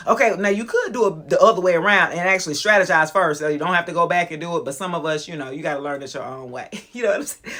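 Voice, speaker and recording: A woman in her forties giving a casual motivational talk to her viewers, frank and animated, with slang and cursing and frequent laughter. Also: lowish voice. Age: 40s. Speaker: motivational vlogger.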